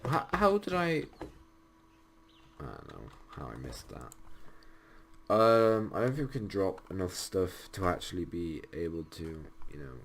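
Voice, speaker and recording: A young man with a low, deep voice talks through a game in a relaxed, rambling way, filling pauses with ums. His home mic picks up a steady hiss of noise behind him. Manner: rambling, thinking aloud, frequent ums. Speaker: gameplay commentator. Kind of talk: casual let's-play commentary.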